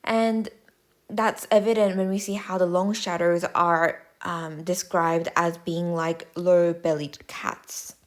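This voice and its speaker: A woman tutor giving a measured, clear, step-by-step explanatory voice-over lesson. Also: on the low side, little pitch movement.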